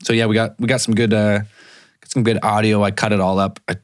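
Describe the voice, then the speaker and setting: A man's voice: on the low side, flat delivery, brisk, no echo, clean studio sound. A man co-hosting a podcast, adding details to a shared trip story in a laid-back, casual chat with swearing. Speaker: podcast co-host.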